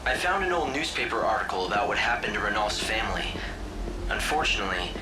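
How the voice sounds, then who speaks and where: A man's voice: lowish voice, big pitch swings, quick pace, noisy background. An actor playing an earnest, supportive young male companion in a video game. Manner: earnest, helpful. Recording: game audio over clear music.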